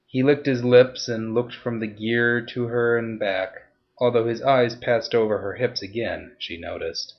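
A man narrating a story in a steady, even storytelling voice. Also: mid-range voice, normal speed, highs cut off. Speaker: audiobook narrator. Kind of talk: scripted narration.

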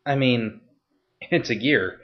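A man's voice: medium pitch, slow, highs cut off, natural voice. A man voicing a nervous young man who stammers and hesitates.

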